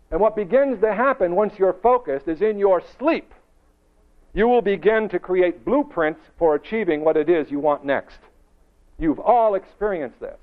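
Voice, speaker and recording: Guy running a motivational seminar, kinda high voice, asks the crowd stuff, dull lo-fi audio. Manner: emphatic, rhetorical questions, shifts pace and volume for effect. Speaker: motivational speaker. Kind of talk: seminar talk to a live audience. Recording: dull lo-fi recording.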